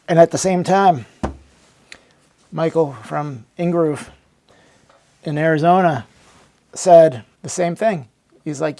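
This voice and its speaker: A man's voice: a little high, measured pace, long pauses, mellow. A man narrating a comedic, mock-dramatic retelling with sarcastic storytelling.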